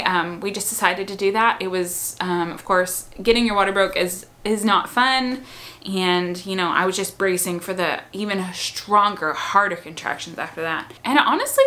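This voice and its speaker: A woman's voice: medium pitch, sharp tone. A young woman casually telling the story of a long, hard labor, chatty and frank, with many fillers and restarts. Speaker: mother telling her birth story.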